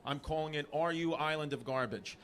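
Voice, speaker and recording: A man's voice: a little high, brisk. A man from New doing live stand-up comedy in a club, rambling and self-deprecating while teasing the crowd. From New York. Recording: live club, loud audience and room noise.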